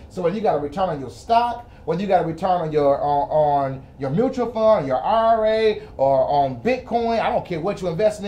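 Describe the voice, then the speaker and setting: A man's voice: high-pitched, darkish tone, slight background noise. A man hosting a live-streamed finance lesson from a studio with a whiteboard, talking in a casual, joking, chatty way. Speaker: host and financial educator. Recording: echoey room.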